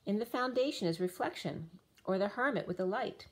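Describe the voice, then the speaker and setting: A woman's voice: medium pitch, lively intonation, fairly quick. A woman giving a spiritual tarot reading, drifting through loose, dreamy associations, her voice starting to give out. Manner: dreamy, free-associating, rhyming asides. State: losing her voice. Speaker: tarot reader.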